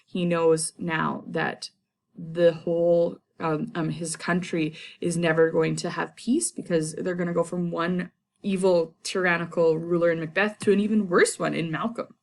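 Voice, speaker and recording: Chatty woman teacher, lowish voice. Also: little pitch movement, normal speed, gravelly, a little mellow. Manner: chatty, many fillers and casual asides. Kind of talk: casual lesson summarizing a play.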